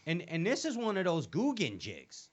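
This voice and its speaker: A man's voice: high voice, wildly swooping pitch, normal speed, highs cut off. A man hosting a casual comedy show, rambling and joking with many fillers and restarts. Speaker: show host.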